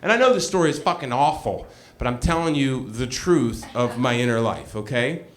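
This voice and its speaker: A man's voice: medium pitch, moderate pace. A middle-aged man telling a funny personal story on stage, self-mocking and acting out the other people's lines. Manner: animated, self-mocking, acts out quoted voices. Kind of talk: live comedic storytelling.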